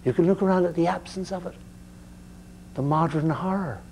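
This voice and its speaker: An older man lecturing to a class, his voice mellow and dark, stumbling over and repeating words as he goes. He mixes dry jokes into the talk. A faint hum runs underneath the recording. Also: sits high, gravelly. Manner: halting, repeats words, wry humor. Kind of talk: university lecture.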